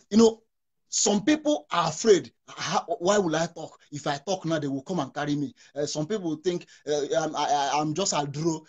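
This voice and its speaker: A man's voice: fairly high pitch, darkish tone, highs cut off. A man speaking as a talk show guest over a remote call, fervent, often restarting and repeating himself. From Nigeria. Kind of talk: impassioned talk show discussion. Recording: interrupted remote call connection.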